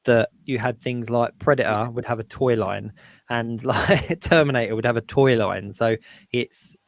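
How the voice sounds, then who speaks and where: Southern English host, chatty and hesitant with plenty of ums. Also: male voice, medium pitch, moderate pace, no echo. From southern England. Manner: casual, hesitant, many fillers. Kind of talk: live stream chat.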